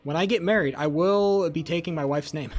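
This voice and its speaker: A young man with a fairly high voice talks fairly quickly to his live-stream viewers. It's a rambling, jokey chat laced with profanity as he reads messages from chat.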